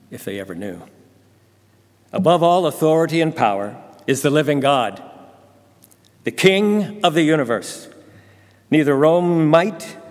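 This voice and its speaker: A man telling a Bible story in the first person, dramatic and intense. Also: fairly high pitch. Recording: long hall reverb.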